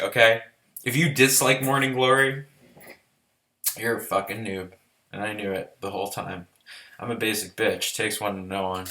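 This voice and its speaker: A man's voice: on the low side, bright, forceful tone. A man giving a casual, rambling, profane and enthusiastic album review in a vlog. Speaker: music reviewer.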